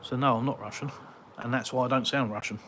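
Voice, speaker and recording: A British man with a mid-range, fairly even voice talks fast over background noise. He's hosting a laid-back live Q&A from his garden, reading viewer comments aloud in a rambling, chatty way full of ums and uhs.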